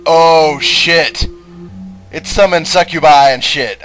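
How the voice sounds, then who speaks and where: A young man commentating on his own gameplay, cursing and shouting at the game. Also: mid-range voice, slow pace, soft background music, low-quality recording. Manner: profane, excitable, shouts and curses at the game. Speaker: let's play host.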